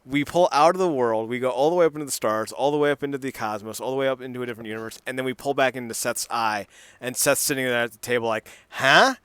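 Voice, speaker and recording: A man's voice: medium pitch, rapid-fire, clear, resonant tone, no room sound. A young man co-hosting a podcast in casual chat, spinning silly story beats and laughing along. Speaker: podcast co-host.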